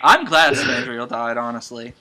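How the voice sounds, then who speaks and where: A man's voice: medium pitch, normal speed, a crowd in the background, rough recording. A man co-hosting an online radio show, chatting casually and joking around. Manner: joking, animated. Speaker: co-host. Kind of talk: casual podcast chat.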